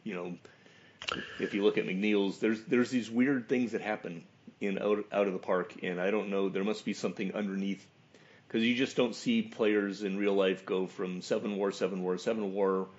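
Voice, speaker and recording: A man's voice: on the low side, fairly even intonation, moderate pace, a little mellow. A man co-hosting a casual podcast chat, wondering aloud about the numbers. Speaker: podcast co-host. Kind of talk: casual chat about a baseball sim league. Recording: dull lo-fi audio.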